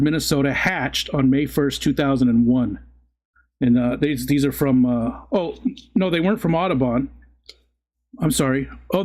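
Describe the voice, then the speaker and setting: A middle-aged man chats casually on a live stream in an easygoing, unhurried voice of ordinary pitch. He rambles from one thought to the next, often stopping to restart a sentence before carrying on. His talk stays relaxed and conversational throughout. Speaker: livestream host reading chat. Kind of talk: casual chat.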